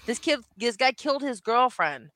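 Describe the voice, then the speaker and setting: A woman's voice: on the high side, lively intonation, moderate pace, fairly bright tone, no echo. Dry, offhand woman from upstate New York. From Elmira, New York. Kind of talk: casual chat.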